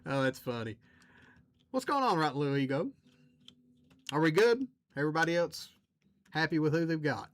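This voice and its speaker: A man's voice: fairly high pitch, big pitch swings, moderate pace, long pauses. A man hosting a trading card break livestream, chatting casually with viewers and reading out the cards he pulls. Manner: chatty, reads out cards and talks to chat.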